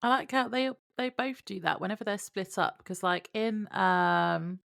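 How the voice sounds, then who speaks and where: A woman co-hosting a podcast who chats casually, chiming in with short replies and quick jokes. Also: mid-range voice, gravelly, a bit bright. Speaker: podcast co-host. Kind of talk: casual chat.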